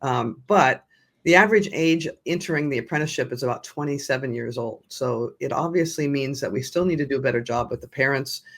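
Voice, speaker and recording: Older woman, podcast guest with a low voice and an earnest storytelling manner that keeps restarting sentences. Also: brisk. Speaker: guest, nonprofit founder. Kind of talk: conversational storytelling.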